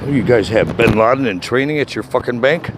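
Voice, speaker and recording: A man making an angry call to a bank, shouting and swearing constantly. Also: medium pitch, lively intonation, a little fast, background noise. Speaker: caller.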